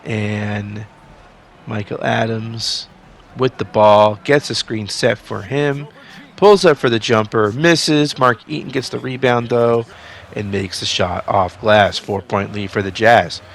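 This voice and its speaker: Excitable gravelly-voiced young man commentating. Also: takes it slowly, slight background noise. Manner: excitable, jumps to near-shouting on big plays, then drops to low asides. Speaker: sports sim video commentator.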